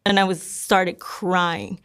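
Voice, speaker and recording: Smooth-voiced young woman telling her story. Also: lowish voice, steady tone, slow, a bit bright. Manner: rambling, many likes and repeats. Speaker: guest sharing her testimony. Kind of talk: casual personal storytelling.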